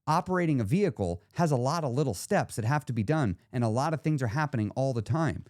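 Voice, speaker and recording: A man's voice: medium pitch, expressive, quick pace, a little mellow, no room sound, studio quality. A man in his forties hosting a solo podcast as a weight-loss coach, explaining ideas to the listener in a conversational way.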